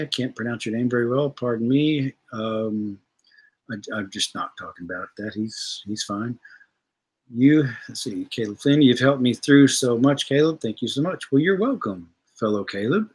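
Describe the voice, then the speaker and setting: A man's voice: medium pitch, unhurried, breathy edge. A man, hosting a livestream, ranting bluntly and profanely while reading viewer comments. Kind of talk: casual livestream rant.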